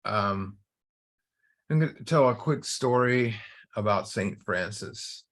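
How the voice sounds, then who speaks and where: A man's voice: lowish voice, expressive, slow pace, a bit bright. A middle-aged man hosting a recovery study group, telling a story and teaching in a casual, conversational way, often repeating and restarting words.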